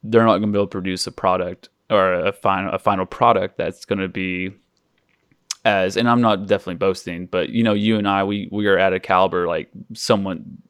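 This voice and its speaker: A man from the United States hosts a relaxed interview, his voice low and his talk rambling, full of restarts and laughs. The sound is dry and close, with no room around it. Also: brisk, clear, resonant tone, dry recording. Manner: rambling, self-correcting, laughs often. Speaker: podcast host. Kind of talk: casual conversational interview.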